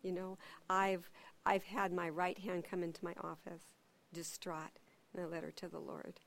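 A middle-aged woman teaching at a church, who tells personal stories in an animated way and acts out what people said. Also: lowish voice, normal speed, gravelly, slight background noise.

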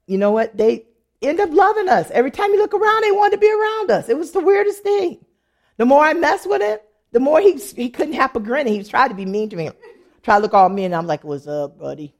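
A woman sharing a humorous personal testimony in church, telling stories in an animated way and laughing often. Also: high-pitched, brisk.

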